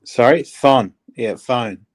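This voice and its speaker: A man's voice: mid-range voice, takes it slowly. Man asking wry probing questions. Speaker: guest. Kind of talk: casual chat.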